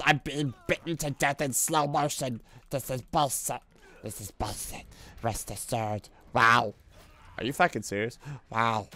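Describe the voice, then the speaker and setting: A man streaming games who yells, yelps and swears at what happens on screen. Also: mid-range voice. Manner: loud yelps, screams and swearing at the game. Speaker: VTuber streamer. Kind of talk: gaming stream commentary.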